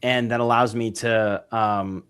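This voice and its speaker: A man's voice: on the low side, fairly even intonation, measured pace, a bit bright, smooth. A man, a podcast guest, talking through his business methods in an enthusiastic, rambling way, with many fillers and restarts. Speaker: podcast guest, real estate investor. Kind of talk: casual interview chat.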